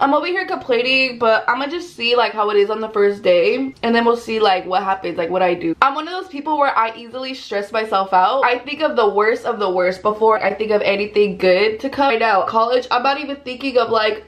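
A woman's voice: a little high, a little fast. Anxious rambling young woman. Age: young adult. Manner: rambling, anxious, slangy, says "like" constantly. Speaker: vlogger. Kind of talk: casual get-ready-with-me vlog chat. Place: bedroom at home.

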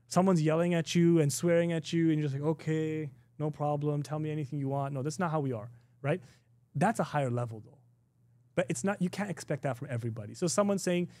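Middle-aged male teacher, relaxed and conversational, slightly high and warm, dry close sound. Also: no room sound. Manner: conversational, laughs often, many restarts and "you know"; acts out quoted exchanges in a raised voice. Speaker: Islamic teacher. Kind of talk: informal recorded class.

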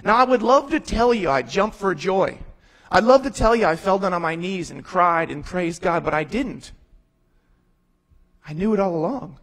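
A man's voice: high-pitched, expressive, moderate pace, rough recording. A man in his thirties, a pastor, giving an emphatic storytelling testimony sermon, acting out his own words and other people's. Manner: storytelling, quoting himself and others in voices; emphatic, rising to near-shouts.

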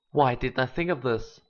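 A gaming host drawls through let's play commentary at a very slow pace and thinks aloud as they go. Their pitch leaps around with lively swings and breaks into excited exclamations. The voice comes through a dull, lo-fi home microphone.

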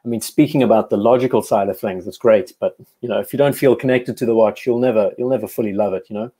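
Mellow-voiced South African man chatting. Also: on the low side, fast talker, breathy edge. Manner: chatty, enthusiastic, frequent restarts. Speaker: live-stream host. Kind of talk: casual live-stream chat reading viewer comments.

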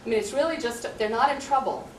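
A woman's voice: on the high side, fast, recorded from a distance. An American woman teacher talks earnestly and conversationally about her classroom. She sounds set back from the microphone in an echoey room. A light hum sits underneath. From USA. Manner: earnest, conversational, acts out student exchanges. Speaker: high school teacher. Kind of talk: explaining classroom practice to visitors.

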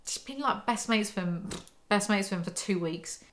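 A woman's voice: medium pitch, moderate pace. A young woman hosting a book commentary vlog, reading passages aloud and breaking in with sarcastic, exasperated asides.

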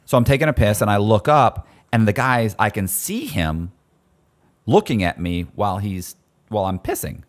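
A man with a low voice spins a story in casual conversation. He swings widely in pitch and often breaks off to restart his sentences. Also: normal speed. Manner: animated, self-interrupting, restarts sentences. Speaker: guest storyteller.

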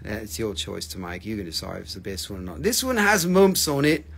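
A man's voice: lowish voice, animated, a little fast, gravelly, slightly rough. A man hosting a live crystal sale, chatting casually with viewers in a joking, teasing way and swearing freely. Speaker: host selling crystals on a livestream. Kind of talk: casual live sales chat.

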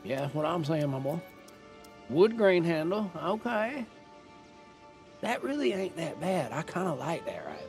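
A man's voice: a little high, sing-song, a little slow, pauses often, over music. A man giving casual commentary while playing a video game, chatty and thinking aloud as he makes up his mind. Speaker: gaming streamer.

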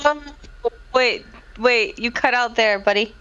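Slow-talking young woman, amused. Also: on the high side, fairly bright tone, smooth, muffled recording. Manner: laughing, incredulous questions. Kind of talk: casual chat.

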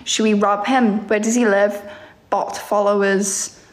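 A woman's voice: medium pitch, little pitch movement, unhurried. A young woman streaming live, reading out chat comments and answering them with teasing, sarcastic remarks and frequent laughter.

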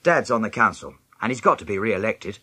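A man narrates a children's story in the first person, his low voice swinging widely in pitch as he tells it. The tone is bright and slightly breathy. The recording is close and dry, with no room sound. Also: brisk, no room sound. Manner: lively storytelling, jumping high in pitch for other characters' lines. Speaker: audiobook narrator.

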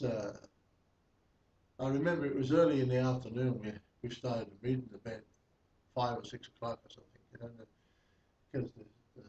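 A man's voice: medium pitch, dark tone. A man preaching a testimony sermon, telling a story in a chatty way with many fillers and chuckles. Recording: echoey, distant, dull, slightly noisy.

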